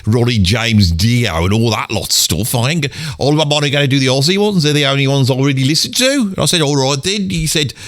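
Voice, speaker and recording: Grumpy Brummie pensioner in his seventies, gruff, cursing, medium voice, Birmingham accent; a man plays him. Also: medium pitch, quick pace, a bit bright, close to an everyday voice. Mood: grumbling. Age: 70s. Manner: gruff, grumbling, swears constantly. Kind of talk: comedic character monologue.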